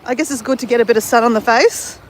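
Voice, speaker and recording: Strolling a sunrise beach, an Australian livestream host talks fast in a slightly high voice, greeting viewers and chatting as she walks. Faint outdoor background noise can be heard.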